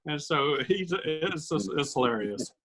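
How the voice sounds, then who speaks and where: Animated man retelling comedy sketches. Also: on the high side, unhurried, rough recording. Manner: animated storyteller acting out sketch lines. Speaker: podcast co-host. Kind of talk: casual chat.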